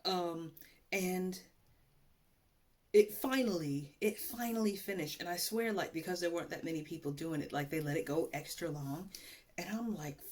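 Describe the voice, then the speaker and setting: A woman's voice: fairly low pitch, measured pace, a little mellow. A young woman hosting a podcast, telling a story in a rambling, profane and self-mocking way. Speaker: podcast host. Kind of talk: casual storytelling monologue.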